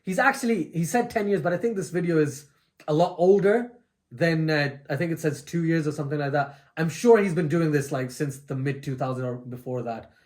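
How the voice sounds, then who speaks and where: A man's voice: on the high side, fairly quick. A man who is the guest co-host of a reaction video, chatting enthusiastically with lots of energy and frequent laughs. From England. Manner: enthusiastic, animated, laughs often. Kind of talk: casual reaction chat.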